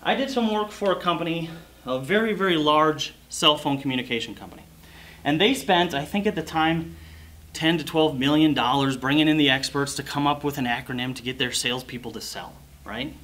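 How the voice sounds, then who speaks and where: A man's voice: on the high side, fairly quick. A man speaking as guest at a club party, telling sales stories and acting out the customers' lines. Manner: animated storytelling, acting out customers' voices. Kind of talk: sales and mindset talk to a club audience.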